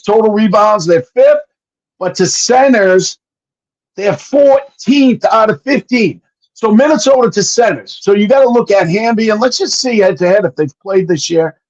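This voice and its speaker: A man talking as a sports betting analyst in casual chat, excitable, swearing and rattling off stats. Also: sits high, lo-fi sound.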